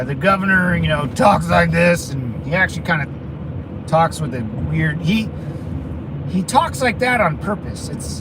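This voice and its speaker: A man's voice: high voice, noisy background. Rambling man chatting while he drives. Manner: rambling, with many restarts and crude asides. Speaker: channel host chatting with viewers. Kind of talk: casual livestream chat while driving. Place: inside a car, driving around town.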